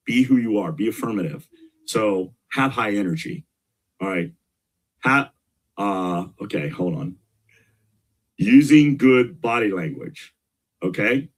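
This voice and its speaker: A middle-aged man talking as a guest in an interview, energetic and emphatic, repeating his key points. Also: lowish voice, a little slow, long pauses. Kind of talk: casual interview talk.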